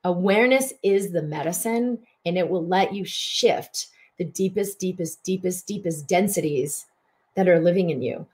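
A woman's voice: on the low side, normal speed, a little mellow. Earnest woman hosting a spiritual broadcast. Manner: repeats words for emphasis, earnest and flowing. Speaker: host of a healing broadcast.

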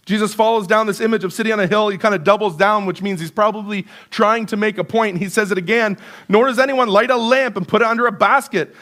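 A pastor preaching a sermon in church, earnest and conversational, building emphasis through repetition. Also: male voice, high-pitched, fairly even intonation, quick pace, a bit bright. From Canada. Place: church sanctuary.

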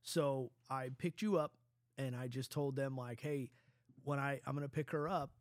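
A middle-aged man, a father, talking casually in an earnest, rambling, halting way. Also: mid-range voice, steady tone, dry recording, clean studio sound. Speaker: father and podcast host. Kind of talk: casual conversation.

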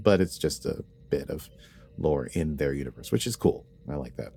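A man with a very low voice chats casually on a podcast about a TV episode. He rambles playfully through asides and corrects himself mid-sentence. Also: normal speed, gravelly, darkish tone. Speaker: podcast co-host.

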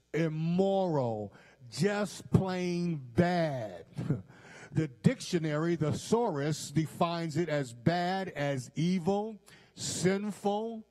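A man's voice: a little high, expressive, drawn-out words, warm tone. A man preaching a sermon to a congregation. He speaks with emphasis, repeats key lines and keeps checking that his listeners are following him. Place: church.

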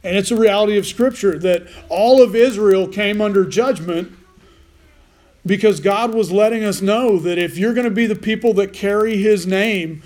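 Male pastor, higher voice, folksy sermon with jokey asides and restarts. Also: moderate pace, a little mellow. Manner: folksy, self-deprecating asides with frequent restarts.

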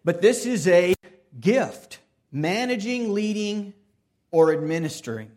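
A male pastor delivering a sermon in a voice pitched somewhat high. He swings between loud, emphatic bursts and quiet, hushed passages. He often restarts and repeats phrases. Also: big pitch swings, slow pace. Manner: earnest preaching that swings from loud emphasis to soft, hushed stretches.

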